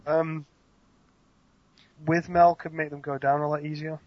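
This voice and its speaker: A man's voice: on the high side, flat delivery, measured pace, no echo. A man with a British accent, a podcast guest, chatting in a laid-back way with frequent laughter. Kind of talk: casual chat. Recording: dull lo-fi dry sound.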